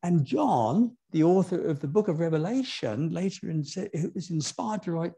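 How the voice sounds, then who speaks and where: A man preaching a sermon in a church, moving from quiet, low asides to high, emphatic lines and putting questions to the congregation. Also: lively intonation, moderate pace, few pauses, husky.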